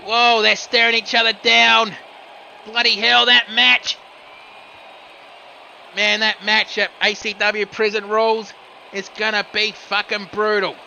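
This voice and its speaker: A man calling a wrestling video game match live on his own, excitable, cursing and correcting himself as he goes. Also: sits high, moderate pace, vocal fry, highs cut off. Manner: excitable, swears, frequent self-corrections. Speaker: solo wrestling commentator for a video game stream. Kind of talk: live play-by-play commentary. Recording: noticeable background noise.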